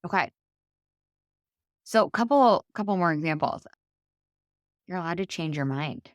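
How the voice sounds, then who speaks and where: A woman in her thirties hosting a solo coaching podcast, chatty and animated, acting out the voices in her stories. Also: on the low side, a little slow, no room sound, dull audio. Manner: chatty, animated, acts out quoted dialogue. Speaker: podcast host and life coach.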